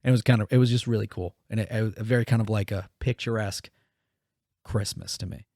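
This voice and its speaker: A man's voice: on the low side, fairly even intonation, quick pace, creaky, darkish tone, no echo, clean studio sound. A man co-hosting a podcast, telling a story in casual, profane chat and acting out the quotes. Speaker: podcast co-host.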